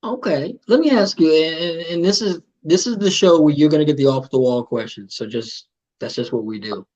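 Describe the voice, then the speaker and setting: A man's voice: a little high, moderate pace, a little mellow, dull audio. A man hosting a casual interview show, playful and joking, often repeating his words. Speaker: host.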